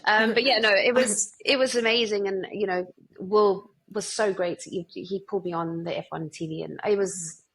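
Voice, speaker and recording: Husky-voiced woman telling a story. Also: medium pitch, normal speed, low-quality recording. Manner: animated, acts out her own anecdotes. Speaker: guest. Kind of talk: casual storytelling in a podcast interview.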